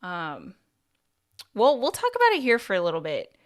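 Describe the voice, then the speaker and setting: Hosting a livestream as a YouTube coach, a woman offers casual advice in a chatty style packed with "like" and "you know." She keeps restarting her thoughts and repeating words partway through. Her mid-range voice swoops wildly in pitch at a moderate pace.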